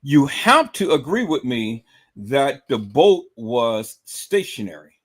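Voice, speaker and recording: Slow, animated, emphatic male streamer. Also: medium pitch. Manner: emphatic, repetitive, profane, keeps calling out to viewers. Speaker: livestream host. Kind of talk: livestream commentary.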